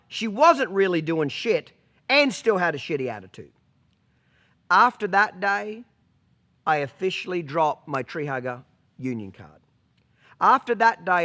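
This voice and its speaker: Blunt, forceful horse trainer. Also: male voice, on the high side. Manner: blunt, profane, emphatic with rhetorical okays. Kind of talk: storytelling vlog.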